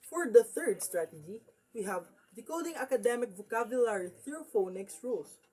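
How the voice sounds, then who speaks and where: A woman's voice: a little high, expressive, normal speed, a little mellow, breathy edge. A woman presenting a lesson strategy, repeating example words after breaking them into parts.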